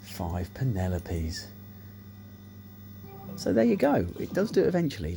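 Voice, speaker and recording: A man telling sweary, animated anecdotes while playing a slot machine, acting out what people said. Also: fairly low pitch, a little slow, gravelly. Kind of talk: casual storytelling over gameplay. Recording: music playing behind the voice.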